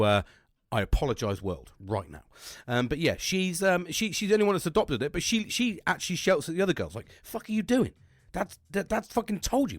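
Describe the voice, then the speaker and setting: A man's voice: mid-range voice, no echo. Blunt, foul-mouthed man in his forties. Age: 40s. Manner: swears constantly, blunt and boisterous. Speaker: podcast host. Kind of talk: casual monologue.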